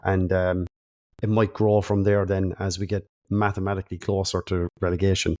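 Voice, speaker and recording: Male co-host, Cork accent, low voice, hesitant hedging delivery. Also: level tone, normal speed, darkish tone. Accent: Irish, Cork. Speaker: podcast co-host. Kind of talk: casual chat.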